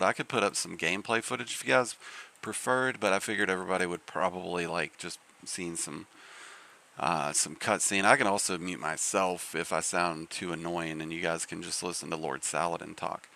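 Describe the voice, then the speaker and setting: A man's voice: low voice, steady tone, fairly quick, creaky, bright, forceful tone. A man hosting a live game stream, chatting casually in a rambling way with lots of fillers and restarts.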